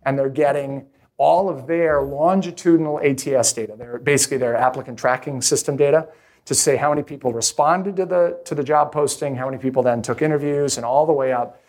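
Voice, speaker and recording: A middle-aged man, a venture capitalist, giving a live talk to an audience, energetic, often restarting his sentences. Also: mid-range voice, fairly quick. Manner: energetic, restarts often, acts out quoted voices.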